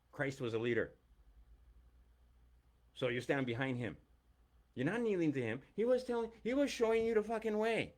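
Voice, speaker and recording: Animated middle-aged man ranting. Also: medium pitch. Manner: emphatic, blunt and profane. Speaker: teacher. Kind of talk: ranting monologue.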